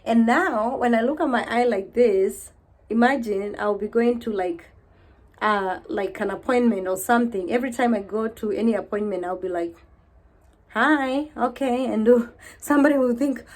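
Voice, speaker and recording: A woman in her thirties vlogging to camera in a casual, heartfelt way, weary and low, repeating herself as she talks of faith. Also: normal speed.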